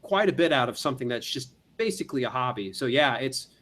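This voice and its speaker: A man's voice: mid-range voice, animated, fast, fairly bright tone. A man co-hosting a casual business podcast, explaining at length with restarts and playful asides. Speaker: podcast co-host.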